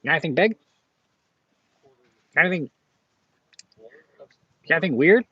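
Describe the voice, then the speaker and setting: A man's voice: a little high, animated, normal speed, slightly rough, no echo, dull audio, pitched above the performer's own voice. A man doing an impression of a pushy, braggadocious male comic book collector who mumbles and nags with the same question over and over. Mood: boastful. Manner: mumbling, nagging, repeats himself.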